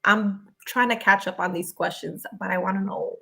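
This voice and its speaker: A young woman talking casually on a live video stream. She reads viewer comments aloud and greets people in a chatty, friendly way. Her voice sits at an ordinary middle pitch for a woman. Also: fairly even intonation, normal speed, creaky, sharp tone, husky. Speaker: YouTuber answering viewer questions.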